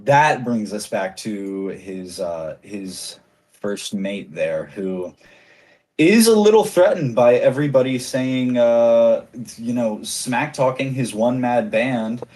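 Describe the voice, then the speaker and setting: A man runs a tabletop role-playing game as game master, narrating in a casual, playful way. He chuckles easily and talks at a mid pitch. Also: animated, takes it slowly, a little mellow.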